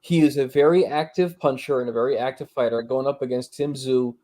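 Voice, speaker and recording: A man's voice: medium pitch, fairly even intonation, brisk, dark tone. Brief: male panelist, mid-range voice, earnest and teasing in turns. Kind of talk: casual boxing talk.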